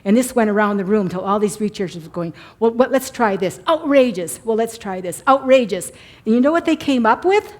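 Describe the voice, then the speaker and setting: A woman's voice: medium pitch, fast, hardly any pauses. Older woman telling stories to a conference. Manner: animated storytelling, mock voices. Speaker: workshop presenter. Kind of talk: conference talk. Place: church conference hall.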